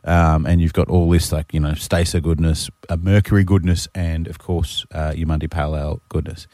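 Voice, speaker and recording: A man's voice: very deep voice, little pitch movement, brisk, a little mellow, no echo. A man in his thirties with an Australian accent, co-hosting a radio show in jokey banter with stumbling restarts. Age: 30s. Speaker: radio co-host. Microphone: studio microphone.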